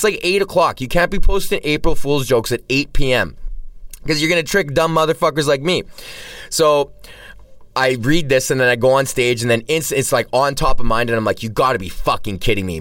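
A man's voice: medium pitch, a little fast, a bit bright, dry recording. Swearing man ranting on a distant mic. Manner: rambling, heavy swearing, frequent self-restarts. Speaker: podcast host and stand-up comedian. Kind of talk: casual solo podcast rant. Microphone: cheap mic, set back from the speaker. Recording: distant, dry sound from a poor mic.

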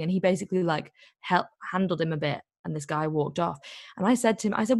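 A woman with a low, gravelly voice tells a story in a casual chat. She talks in a loose, rambling way, full of "like" and asides. The sound is dry and close. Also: a little fast, darkish tone, no echo. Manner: chatty storytelling with many "like"s.

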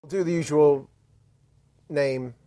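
A man's voice: a little high, steady tone, takes it slowly, dark tone, dry recording, studio quality. A man with an English accent hosting a podcast, chatting upbeat and self-mocking as he opens an interview in a museum hangar. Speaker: podcast host. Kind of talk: casual interview chat.

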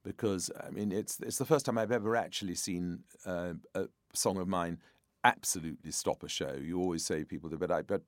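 A man's voice: deep voice, dry recording, studio quality. An older man, a composer being interviewed, talking frankly and reflectively about his shows. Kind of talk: conversational interview.

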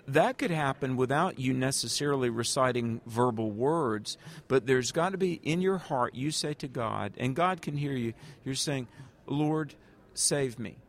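A man's voice: mid-range voice, expressive, moderate pace, few pauses. A man, an evangelist answering interview questions with earnest stories, speaking directly to the listener. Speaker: guest evangelist.

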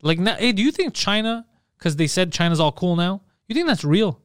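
A man's voice: high-pitched, smooth, dry recording, studio quality. A man co-hosting a podcast, chatting casually and comically, often slipping into mock voices. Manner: animated, quick, slips into mock voices for jokes. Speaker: podcast co-host. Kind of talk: casual comedic chat.

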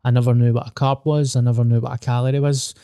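A man's voice: medium pitch, flat delivery, quick pace, mellow, no echo, clean studio sound. A young Scottish man hosting a casual podcast chat, candid, joking and swearing freely. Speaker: podcast host.

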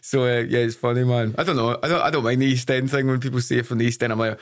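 A man's voice: mid-range voice, fast. A young Glaswegian man, a stand-up comedian guest, chatting casually on a podcast and acting out quotes as he tells his stories. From Scotland. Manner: animated storyteller, acts out quotes.

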